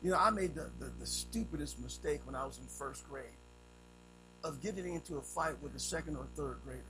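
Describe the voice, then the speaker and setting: A man preaching a sermon, telling a story with sound effects and swinging between loud and hushed delivery. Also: a little high, brisk, music in the background, rough recording.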